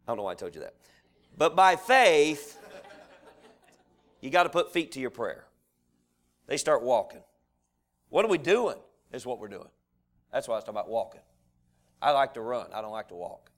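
A man's voice: medium pitch, a little fast, pauses often. Folksy man preaching a sermon. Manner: folksy storytelling, rises to animated preaching.

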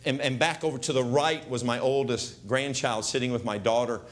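An older man preaching a comic storytelling sermon, acting out scenes and shouting voices loudly. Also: mid-range voice, normal speed. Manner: animated, acts out scenes with loud shouts.

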